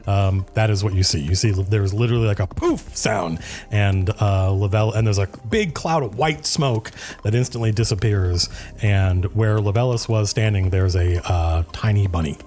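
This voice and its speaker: A man narrating as game master of a tabletop game, an animated storyteller who often laughs. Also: lowish voice, moderate pace.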